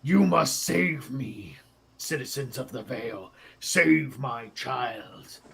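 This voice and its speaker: A man's voice: medium pitch, expressive, takes it slowly, gravelly, crowd noise. A man doing a pleading mother dragon. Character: desperate mother dragon guarding her egg.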